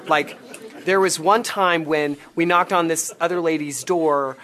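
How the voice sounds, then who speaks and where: A man talking as a guest in a casual interview, telling animated stories with bursts of laughter. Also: fairly high pitch, measured pace. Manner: animated storyteller, acts out quotes with laughter. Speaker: guest, former missionary and stage performer.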